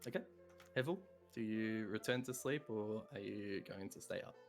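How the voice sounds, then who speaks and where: A man narrating a tabletop game as game master, with a relaxed, chuckling narration. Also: on the low side, moderate pace, faint music behind.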